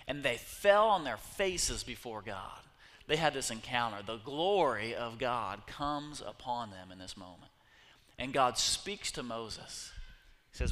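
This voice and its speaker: A man preaching a sermon, telling scripture stories with lively acted-out voices. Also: fairly high pitch, big-room sound. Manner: animated storytelling, acting out voices of God and people. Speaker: pastor. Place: church sanctuary.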